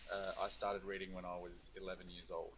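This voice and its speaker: A man's voice: low-pitched, monotone, brisk, very noisy. A young man, a co-author on a video call, talking casually and hesitantly with many fillers. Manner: hesitant, lots of ums and uhs. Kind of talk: casual chat.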